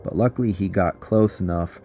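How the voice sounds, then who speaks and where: A man's voice: low voice, brisk, dark tone, a little hiss or hum. A man casually narrating an adventure story in a chatty, giggly way, full of fillers. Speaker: underground explorer.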